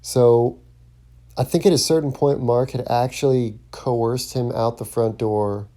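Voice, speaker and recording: A man's voice: mid-range voice, steady tone, measured pace, warm tone. A man hosting his own podcast as a stand-up comic, talking through a casual solo monologue with plenty of ums and restarts. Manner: rambling, lots of ums and restarts.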